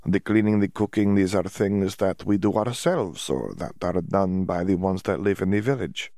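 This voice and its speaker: A man's voice: sits low, normal speed, mellow, no echo, clean studio sound. A man doing a stammering young foreign wizard. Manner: stammering, broken English, searches for words. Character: young foreign wizard student, cheerful and halting.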